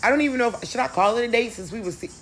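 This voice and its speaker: A woman's voice: on the high side, very fast, faint music behind. A woman telling a storytime vlog in a chatty, emphatic way, talking straight to her viewers. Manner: chatty, emphatic, addresses the audience directly. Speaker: vlogger.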